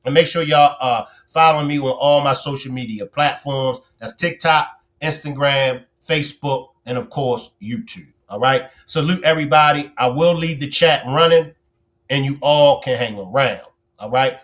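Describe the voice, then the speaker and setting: A man hosting a casual livestream, reading and teasing viewers' comments in an animated way, stretching words for emphasis. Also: medium pitch, moderate pace. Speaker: livestream host.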